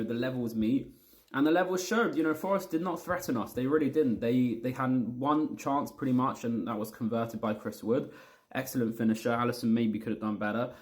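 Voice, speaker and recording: A man giving a heated, blunt football match review as a fan vlogger, repeating himself and swearing. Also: mid-range voice.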